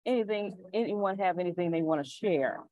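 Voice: mid-range voice, brisk, no echo, phone-quality sound. Class host, chatty, laughs often, dry close sound, video call. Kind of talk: casual online class.

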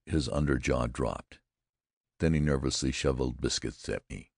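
Very deep, gravelly male audiobook narrator. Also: dry recording, studio quality. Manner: measured, deliberate storytelling. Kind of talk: first-person audiobook narration.

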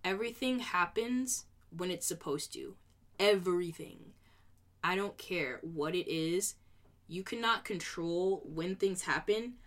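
A woman's voice: on the low side, unhurried, a bit bright. Earnest rambling young woman vlogger. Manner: earnest, rambling, heavy on "you know" fillers. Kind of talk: casual reflective vlog talk.

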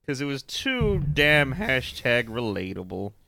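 A man's voice: mid-range voice, sing-song, a little slow, creaky, bright, forceful tone. A man co-hosting a podcast, joking and swearing casually and laughing often. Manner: joking and profane, with lots of laughter. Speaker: podcast co-host. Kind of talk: casual movie-recap chat.

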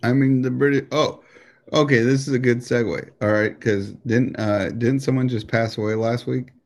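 An American man co-hosting a podcast, ranting in a casual, animated and profane way, with lots of restarts. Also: medium pitch, moderate pace. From United States. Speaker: podcast co-host.

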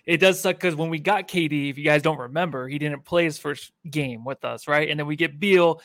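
A man co-hosting a casual sports podcast, relaxed and easygoing. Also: on the high side, fairly quick, no room sound. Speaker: podcast co-host.

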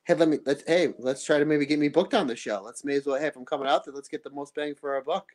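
A man's voice: on the high side, fast, a little mellow. A man chatting as a guest on a podcast, friendly and calling the host brother. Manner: friendly, keeps saying brother. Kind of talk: casual podcast chat.

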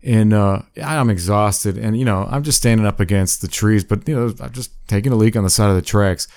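A man telling rough work stories in casual chat, animated and swearing freely. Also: on the low side, fairly quick, no echo, studio quality.

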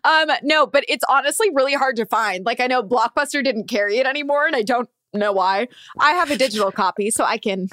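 A woman in her thirties with a slightly high voice, chatting eagerly and laughing often. She is recorded up close with a dry, dead sound. Her talk is loose and bubbly. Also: fairly quick, fairly bright tone, no echo. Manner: giggly, enthusiastic, laughs often. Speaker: podcast co-host. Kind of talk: casual chat.

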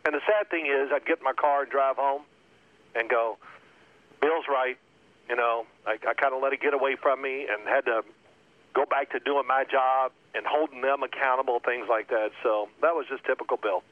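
A man, a former quarterback, telling animated locker-room stories as a radio interview guest. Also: medium pitch, normal speed. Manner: animated storyteller acting out coaches' shouting. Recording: tinny phone line.

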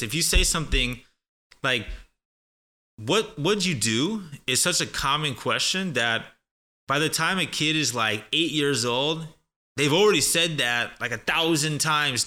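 Bright-voiced man teaching casually. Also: medium pitch. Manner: chatty, demonstrates phrases slowly and repeats them. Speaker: guest English teacher. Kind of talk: casual spoken lesson.

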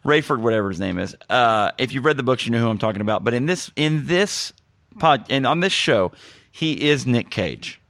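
A man's voice: medium pitch, moderate pace, dry recording, clean studio sound. A young man hosting a casual movie-review podcast, joking and laughing at his own lines. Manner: jokey, animated, laughs at his own jokes. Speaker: podcast host.

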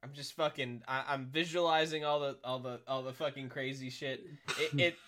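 A man co-hosting a podcast from a remote line, excitable, swearing and laughing a lot. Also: medium pitch, normal speed, a little hiss or hum. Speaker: podcast co-host. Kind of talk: casual chat.

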